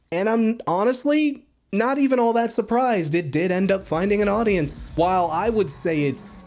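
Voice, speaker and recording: A man's voice: a little high, a little mellow. A man reviewing albums in a casual, blunt and profane monologue, rambling and joking. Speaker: music critic.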